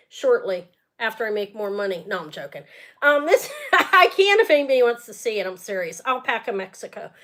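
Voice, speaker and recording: A woman hosting a live jewelry sale stream, chatting casually and rambling as she talks straight to her viewers. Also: a little high.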